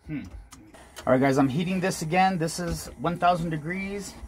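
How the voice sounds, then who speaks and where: A man's voice: a little high, normal speed. Casual man narrating his metal pour. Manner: talks to viewers while working, self-deprecating, frequent "guys". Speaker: jewelry maker vlogger. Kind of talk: casual workshop vlog.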